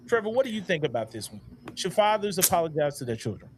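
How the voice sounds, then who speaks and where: A man's voice: fairly high pitch, big pitch swings, fast, slight background noise. A man hosting a panel discussion on fatherhood, giving earnest, preachy advice in a casual, conversational way. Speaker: panel host.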